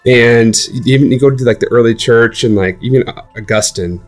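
A young man in casual conversation, telling animated stories with many fillers and restarts. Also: medium pitch, moderate pace, soft background music. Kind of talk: casual chat.

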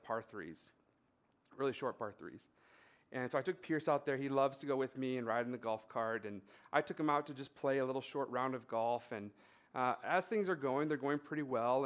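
A man preaching in an easygoing, conversational way, slipping into anecdotes with casual fillers. He builds to points through repeated, rhythmic phrases. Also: medium pitch. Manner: relaxed storytelling with fillers and emphatic repetition. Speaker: pastor. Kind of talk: conversational sermon with personal story.

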